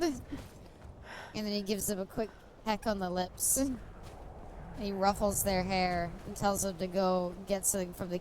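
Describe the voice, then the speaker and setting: A woman's voice: mid-range voice, a little hiss or hum. A woman streamer giving casual commentary while she plays, rambling through jokey stories and laughing often. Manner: rambling, giggly, jokey storytelling. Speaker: streamer playing a game.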